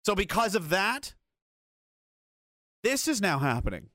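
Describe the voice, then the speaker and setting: A man's voice: high voice, big pitch swings, unhurried, pauses often, bright, forceful tone, dry recording, clean studio sound. A man hosting a video commentary, ranting in an angry, blunt and profane way. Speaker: commentary host.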